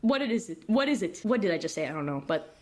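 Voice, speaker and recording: Giggly animated young woman co-host. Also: medium pitch, fast talker. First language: not English. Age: young adult. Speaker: podcast co-host. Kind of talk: casual chat.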